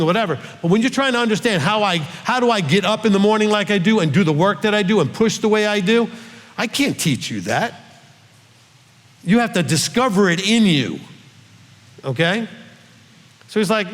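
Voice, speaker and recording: A man's voice: high-pitched, lively intonation, brisk, a bit bright. A rabbi giving a conversational Bible teaching, earnest and coaxing, often checking in with his listeners. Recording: long hall reverb.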